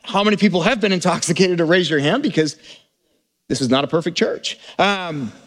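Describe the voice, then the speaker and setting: A pastor preaching a conversational sermon to a congregation, informal, often restarting and repeating words. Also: male voice, sits high, a little fast, fairly bright tone. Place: church service before a live congregation.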